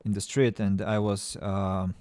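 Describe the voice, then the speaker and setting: Halting man streaming a game. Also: on the low side, little pitch movement, a little mellow, no echo. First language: Russian. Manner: halting, stammering restarts, playful self-mocking. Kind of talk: casual game-stream chat.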